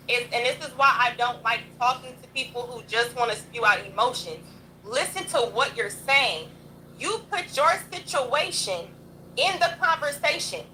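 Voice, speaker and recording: High, bright-voiced woman ranting bluntly. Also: a little hiss or hum, rough recording. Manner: blunt, profane, combative. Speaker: livestream host. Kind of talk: heated livestream rant.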